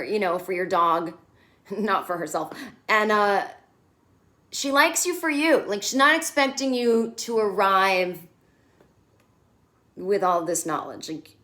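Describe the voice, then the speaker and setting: A woman comedian hosting a casual comedic TV recap, animated and sarcastic, who swears freely. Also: on the low side.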